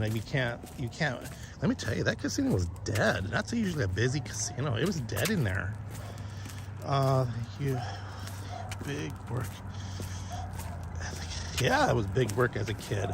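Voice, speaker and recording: A middle-aged man rambles through old stories while walking his dog outside, swearing casually and stopping often to say um. His voice sits at an ordinary middle pitch. The phone-streamed audio carries clear outdoor street noise behind him. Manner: rambling, profane, reminiscing with lots of ums. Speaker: vlogger live-streaming a dog walk. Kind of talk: casual storytelling chat. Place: outdoors on a neighborhood walk.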